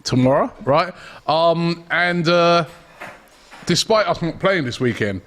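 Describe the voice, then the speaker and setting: Rich: A man hosts a football round-up show in a slightly high, lively voice. He is good-humoured and laughs at himself, with faint noise behind him. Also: slow. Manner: good-humoured, self-mocking. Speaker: host. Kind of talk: casual chat.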